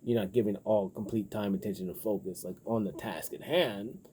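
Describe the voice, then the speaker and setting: A man talking in a loose, rambling casual monologue, profane and full of filler words, getting animated when riled up. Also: fairly low pitch, fairly quick, a little hiss or hum. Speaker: vlogger.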